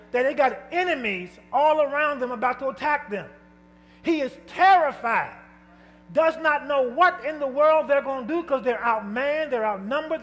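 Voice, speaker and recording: A pastor preaching an emphatic, rhythmic call-and-response sermon in a church sanctuary. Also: male voice, very high-pitched, a bit bright. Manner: emphatic, rhythmic preaching with repeated calls to the congregation. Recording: long church reverb with music behind.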